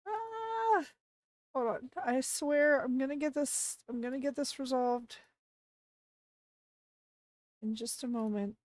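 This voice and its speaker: A woman streaming live in a casual chat, flustered and panicky as she apologizes and breaks into excited greetings to viewers. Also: high-pitched, slow, long pauses, dry recording, studio quality. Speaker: VTuber streamer.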